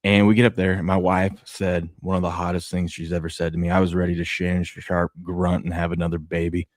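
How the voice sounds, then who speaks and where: A man with a lowish voice rambles through game recaps and family stories on a morning sports podcast. His delivery is excitable and loose, with lots of fillers. The sound is dry and close. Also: a little fast, dry recording. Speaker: podcast co-host. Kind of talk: casual sports chat.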